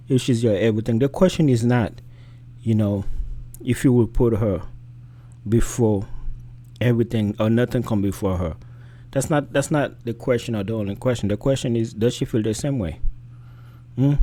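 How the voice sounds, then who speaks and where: A man's voice: medium pitch, dark tone. A man hosting a reaction video, giving emphatic, rhetorical commentary. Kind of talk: casual commentary.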